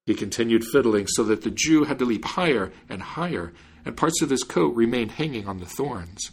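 A man reading a fairy tale aloud in an expressive, animated way. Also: medium pitch, normal speed, hardly any pauses, breathy edge. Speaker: storyteller.

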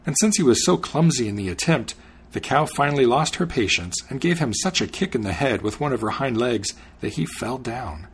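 A man hosting a podcast, reading a fairy tale aloud in an expressive storytelling manner. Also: mid-range voice, brisk, slightly rough. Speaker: podcast host and reader.

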